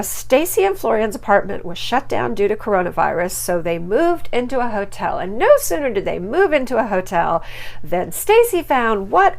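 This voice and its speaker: Chatty gossiping woman recapping TV. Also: vocal fry. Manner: chatty and gossipy, with lots of ums; animated, with sudden high jumps on punchlines. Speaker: podcast host. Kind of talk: casual TV recap commentary.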